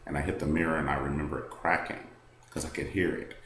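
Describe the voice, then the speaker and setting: A man's voice: extremely low pitch, level tone, quick pace, fairly bright tone, reverberant, slight background noise. A man vlogging a personal story to the camera, candid and rambling, full of "like" and "um".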